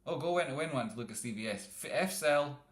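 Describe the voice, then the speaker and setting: A man's voice: medium pitch, animated, fast talker. A man streaming live chart analysis, rambling and jokey with some profanity. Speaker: trading streamer.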